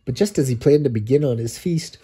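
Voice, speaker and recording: A man, a dad, reading a rhyming picture book aloud to his child and pausing so the child can fill in the rhymes. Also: mid-range voice, mellow, breathy edge. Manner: reads rhymes with pauses for a child to finish them. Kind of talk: bedtime story read-aloud.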